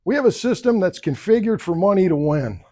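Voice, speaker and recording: A man with a fairly high speaking voice gives a campaign speech to a luncheon crowd. He tells stories in a conversational way and acts out the other people's lines as he quotes them. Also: lively intonation, brisk, warm tone. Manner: storytelling, acting out quoted voices. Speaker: political candidate. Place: luncheon event room.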